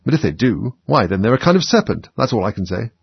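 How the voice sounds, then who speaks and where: A man's voice: lowish voice, big pitch swings, quick pace, gravelly, slightly rough, no echo, heavily acted. A man voicing an indignant, fretful female pigeon who shrieks and sobs her complaints. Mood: contemptuous. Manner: shrieking and sobbing complaints, then sulky contempt. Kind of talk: audiobook character voice. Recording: dull, dry lo-fi recording.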